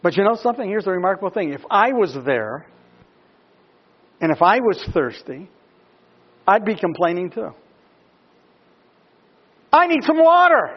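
A male pastor with a high voice delivers a sermon, moving between calm explanation and emphatic, rising questions to his listeners. The recording is dull and lo-fi. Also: normal speed, pauses often, breathy edge.

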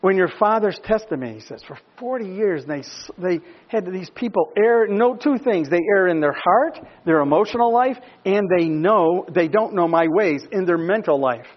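A male pastor with a high voice preaches a sermon, shifting from calm explanation to emphatic, rising questions aimed at his listeners. He speaks at a moderate pace with hardly any pauses. The recording is dull and lo-fi.

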